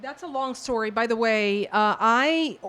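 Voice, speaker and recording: Animated storytelling woman, high voice. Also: a little slow. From New York, the Bronx. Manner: animated storyteller who acts out quoted exchanges. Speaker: author and professor answering audience questions. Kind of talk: book talk Q&A, storytelling.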